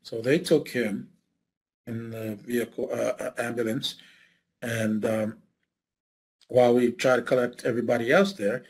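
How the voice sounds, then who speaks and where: A man recounting his military service in an oral history interview, speaking haltingly with many fillers and restarts. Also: mid-range voice, steady tone, breathy edge, poor audio.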